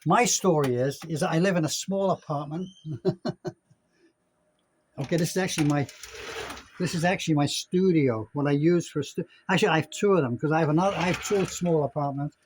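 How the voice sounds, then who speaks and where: An older man talks casually into a handheld phone camera outdoors, wandering from thought to thought and correcting himself mid-sentence. His voice sits a little high for a man, and a faint outdoor ambience stays behind him throughout. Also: a little fast, slight background noise, low-quality recording. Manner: rambling, chatty, self-correcting. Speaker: vlogger. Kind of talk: casual vlog chat. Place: outdoors at a gated apartment complex in Mexico.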